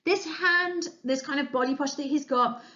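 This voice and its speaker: A woman's voice: high-pitched, normal speed, sharp tone, muffled recording. A woman history teacher giving an enthusiastic, chatty revision lesson as a voice-over, with frequent fillers. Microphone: voice-over over slides.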